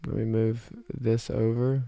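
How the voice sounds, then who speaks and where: A man's voice: mid-range voice, level tone, measured pace, vocal fry, warm tone, no echo. Rambling young man streaming live. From South Georgia, US. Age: 20s. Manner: rambling, many fillers and restarts. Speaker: livestream host. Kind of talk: casual livestream chat, reading chat.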